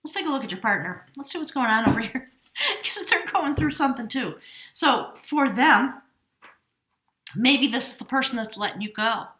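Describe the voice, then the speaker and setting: A woman's voice: high voice, lively intonation, normal speed, bright, forceful tone, reverberant, a little hiss or hum. A woman giving a tarot reading, emotional and effusive, dropping into whispered exclamations. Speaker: tarot reader.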